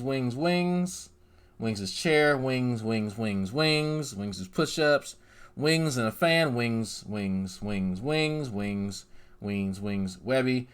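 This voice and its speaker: A man's voice: medium pitch, smooth. A man doing sarcastic commentary over a scrolled page, mocking and repetitive with profane asides. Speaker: commentary YouTuber.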